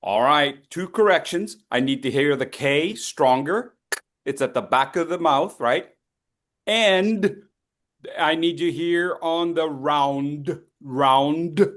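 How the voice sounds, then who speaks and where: A man's voice: a little high, lively intonation, slow pace, fairly bright tone. A man coaching speakers in an online voice workshop, upbeat and leading repeat-after-me drills. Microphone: video call.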